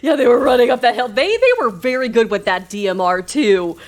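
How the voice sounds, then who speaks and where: A woman's voice: fairly high pitch, animated, fairly quick. A woman streaming a shooter game live, chatting with viewers, yelping, laughing and apologizing as the match gets tense. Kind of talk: live gaming stream chat.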